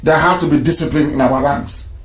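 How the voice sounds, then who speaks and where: A man with a high voice hosts a live radio call-in show and talks emphatically, hammering points home by saying them again and again. His voice rings in an echoey room. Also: fairly even intonation, fairly quick. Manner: emphatic, repeats phrases for stress. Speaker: radio broadcast host.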